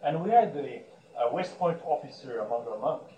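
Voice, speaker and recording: A man's voice: medium pitch, expressive, moderate pace, mellow, muffled recording. A man giving a sermon as a monk, telling stories with frequent chuckles and restarts. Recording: roomy echo, distant mic, faint background hum.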